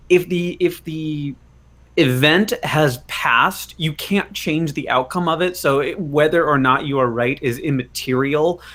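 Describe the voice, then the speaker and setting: A man co-hosts a casual gaming podcast at a mid-range pitch. He offers earnest advice, with plenty of "um"s while he finds his words. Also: a bit bright. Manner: earnest advice-giving with hesitant fillers. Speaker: podcast co-host.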